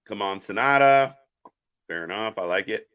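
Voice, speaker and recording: Male stream host, bright, forward voice, loose chatty commentary while reading out chat. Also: on the low side, expressive, normal speed, clean tone, muffled recording. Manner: chatty, answers viewer chat while calling the action. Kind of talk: casual live wrestling watch-along commentary.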